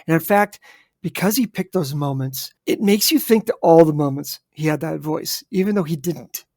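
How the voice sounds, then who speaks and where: A man's voice: a little high, normal speed, gravelly, a little mellow, no echo, clean studio sound. A man co-hosting a podcast in casual chat, emphatic and addressing listeners directly. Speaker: podcast co-host.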